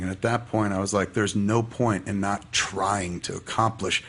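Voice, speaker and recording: Low-voiced man telling a raw story. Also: fairly even intonation, normal speed, fairly bright tone, slightly rough. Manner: profane, rambling, heartfelt. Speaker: podcast guest. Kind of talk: casual storytelling.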